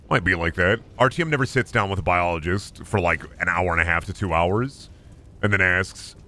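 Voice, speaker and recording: A man's voice: low voice, a little fast, sharp tone. A young man from the United States, rambling and cursing in jokey asides while streaming a video game. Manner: rambling, profane, joking asides. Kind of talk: casual gaming commentary.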